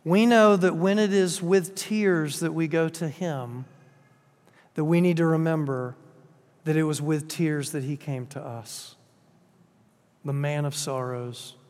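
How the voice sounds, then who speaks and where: Earnest male pastor with a fairly high voice, sermon in a church hall with long reverb. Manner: earnest, drops to soft, quiet phrases at emotional points.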